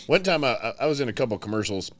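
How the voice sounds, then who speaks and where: A man's voice: mid-range voice, very animated, rapid-fire. A man hosting a casual podcast at his motorcycle shop, telling loose, profane stories with big outbursts. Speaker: podcast host, garage owner.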